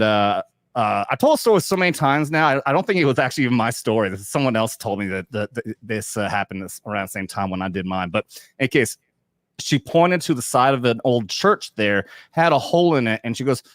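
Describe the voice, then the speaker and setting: A man's voice: on the low side, a little fast, a bit bright, no room sound, clean studio sound. A man in his thirties, an army veteran hosting a casual chat show, talking crudely and joking with frequent laughter. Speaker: podcast host, veteran.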